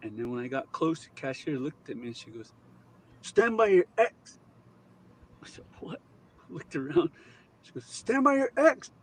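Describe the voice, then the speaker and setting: A woman telling a deadpan joke over a video call. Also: low voice, moderate pace, long pauses, husky, pitched below the performer's own voice.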